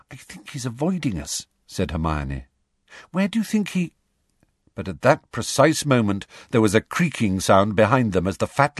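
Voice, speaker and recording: A man reading a children's fantasy novel aloud in a measured, expressive storybook narration. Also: low voice, dry recording, studio quality. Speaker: audiobook reader.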